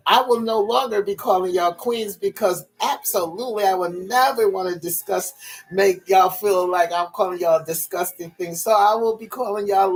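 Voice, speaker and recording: A man talking casually to his viewers in a rambling, profane way, high and tired, laughing often. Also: breathy edge. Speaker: vlogger.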